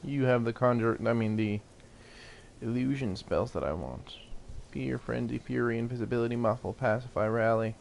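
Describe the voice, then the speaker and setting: A man's voice: medium pitch, moderate pace, creaky, a little mellow. Rambling casual male gamer. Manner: rambling, laughs often, swears casually. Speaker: gaming YouTuber. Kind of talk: casual gameplay commentary.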